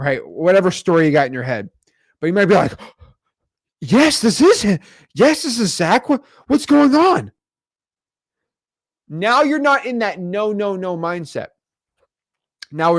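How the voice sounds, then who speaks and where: A man casually teaching real estate wholesaling to the camera, animated and conversational, tagging sentences with okay and right. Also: high voice, dry recording, studio quality.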